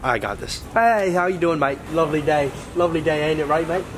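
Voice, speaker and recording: A man's voice: medium pitch, expressive, slow pace, background noise, pitched below the performer's own voice. A young man putting on a hammy, cheerful fake British accent for a public prank. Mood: cheery.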